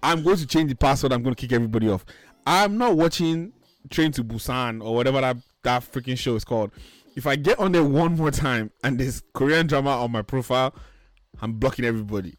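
A man's voice: mid-range voice, brisk, no echo. A man hosting a podcast in casual chat, ranting animatedly and swearing freely. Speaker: podcast host.

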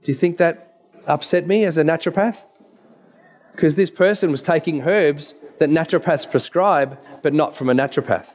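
A man's voice: fairly high pitch, normal speed, a little mellow. A man, a naturopath giving an emphatic, story-filled presentation with slides.

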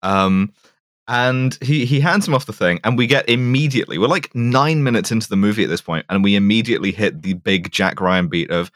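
Rambling low-voiced man, dry mic. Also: a little fast, a bit bright, dry recording. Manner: rambling, jokey, lots of fillers. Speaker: podcast co-host. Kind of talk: casual chat recapping a film.

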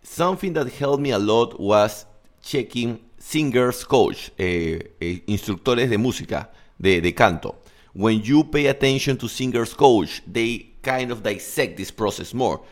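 A man's voice: mid-range voice, expressive, a little slow. A man in his thirties, a native Spanish speaker, coaching in a casual podcast monologue, candid and loose, swearing and slipping into Spanish asides. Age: 30s.

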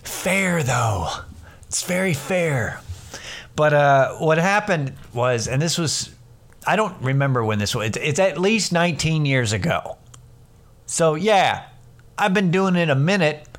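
A man's voice: a little high, lively intonation, measured pace. Rambling, profane middle-aged man. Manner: rambling, profane storytelling with many restarts. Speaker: podcast host; stand-up comedian. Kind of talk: casual solo podcast monologue.

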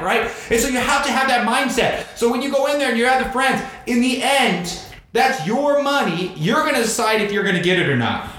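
A man in his thirties hosting a casual chat about sales, animated, swearing and acting out quotes. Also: extremely high pitch, fast. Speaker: podcast host. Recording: very echoey room.

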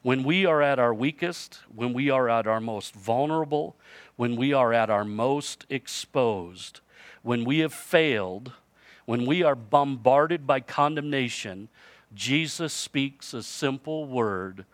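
Middle-aged male pastor, mid pitch, dry recording; fervent sermon that swings between loud emphasis and near-whispers. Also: slow, no room sound. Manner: impassioned, rising to emphatic peaks then dropping to hushed lines; repeats for emphasis, asks the listeners questions.

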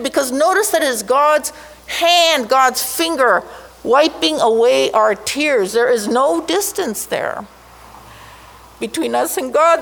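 A woman preaching a sermon, slow and emphatic, lifting her voice sharply on key words. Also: high voice, vocal fry, a bit bright.

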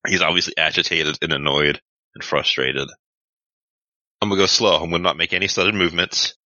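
A man's voice: deep voice, steady tone, brisk, bright, forceful tone, dry recording, muffled recording. A man playing a tabletop role-playing game, talking casually with profanity and frequent hesitations. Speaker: player.

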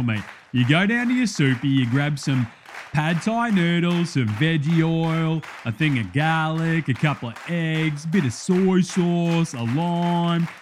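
A man's voice: a little high, a little hiss or hum, lightly acted. A man playing a brash, blokey Australian cooking-show host in a comedy sketch, matey and full of slang. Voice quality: loud, matey, slangy, laughing at himself.

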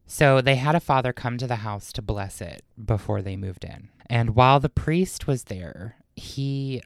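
A man's voice: medium pitch, unhurried, creaky, no room sound, studio quality. A man co-hosting a podcast, telling a story from prepared notes and breaking into chatty asides. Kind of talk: casual storytelling chat.

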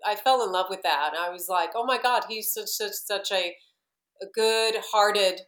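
A woman's voice: medium pitch, normal speed, fairly bright tone, reverberant. A woman answering an interviewer's question casually, hesitant and full of "you know" fillers. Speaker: guest, singer.

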